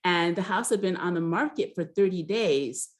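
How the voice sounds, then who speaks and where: A woman's voice: on the low side, moderate pace. Chatty woman recapping a reality show. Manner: chatty, hesitant with many ums and restarts. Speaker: recap host. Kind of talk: casual recap chat.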